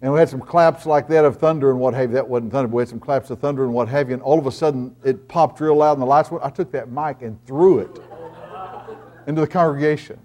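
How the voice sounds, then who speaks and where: A middle-aged man preaching a sermon as pastor, swinging between loud emphatic lines and hushed storytelling. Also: medium pitch, fast talker.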